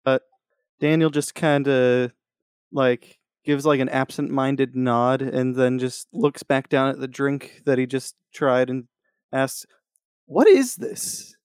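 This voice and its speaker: A man's voice: medium pitch, level tone, slow pace, clear, resonant tone, no room sound, clean studio sound. A man playing a tabletop role-playing game, hesitant and stammering as he describes his character. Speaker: player.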